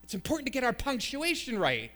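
A man's voice: very high voice, huge pitch swings, fast, fairly bright tone. A male pastor preaching a sermon with emphatic, storytelling delivery.

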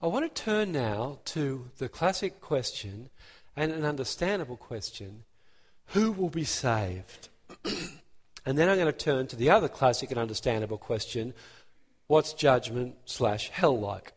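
A man preaching a sermon, emphatic and animated, building his points with rising emphasis. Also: medium pitch, a little slow, husky, big-room sound.

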